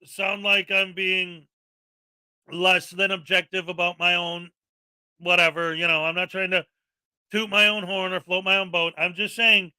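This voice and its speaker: A man hosting a commentary show, ranting sarcastically and often shouting in exasperation. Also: sits high, little pitch movement, measured pace, clean tone, no room sound, studio quality. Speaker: commentary channel host.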